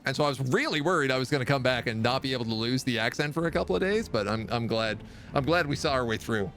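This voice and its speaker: A man's voice: medium pitch, lively intonation, quick pace, fairly bright tone, slight background noise. A man streaming a strategy game live, chatting casually and reading viewer messages aloud. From Canada. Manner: chatty, reads chat aloud and answers. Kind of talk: live gameplay commentary.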